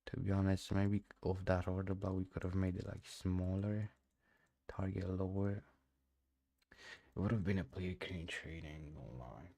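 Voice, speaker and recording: A man's voice: low voice, steady tone, a little slow, creaky, warm tone. A young man who speaks English as a second language, giving casual, slangy commentary while trading live. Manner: casual and slangy, often says "bro"; non-native English speaker. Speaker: day trader streaming live.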